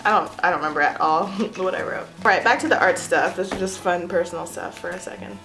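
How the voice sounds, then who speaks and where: A woman's voice: fairly low pitch, fast talker, vocal fry, a bit bright. A young woman giving a casual, self-mocking tour of her home art studio, chatty and giggly. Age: young adult. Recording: echoey room.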